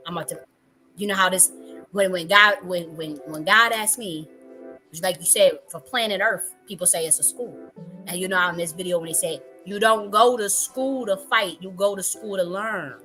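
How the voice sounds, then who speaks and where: A woman's voice: lowish voice, normal speed, pushed and bright, soft background music. A woman hosting a livestream who talks casually and emphatically, full of profanity and repeated words. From Buffalo area, US. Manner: profane, repetitive, emphatic, laughing. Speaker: livestream host. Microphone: livestream mic.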